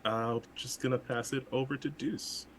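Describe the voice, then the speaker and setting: A man's voice: medium pitch, steady tone, normal speed, a bit bright, slight background noise. A man in casual chat plugging his own channel, laughing, upbeat and a bit scattered.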